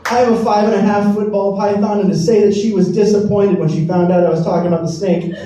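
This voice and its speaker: This young man's voice sits high and has a dark tone, with a steady delivery at a fast pace. He is doing a rambling, self-deprecating stand-up set at a comedy club, captured in a roomy, distant recording over audience laughter.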